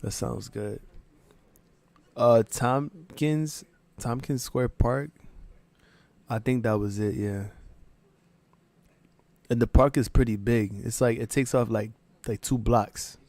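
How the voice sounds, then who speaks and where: Chill new york guy hosting a stream, talks slow, laughs a lot, curses easy. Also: mid-range voice, a little mellow, dry recording. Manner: laid-back, swears, laughs often. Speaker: livestream host. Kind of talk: casual livestream chat.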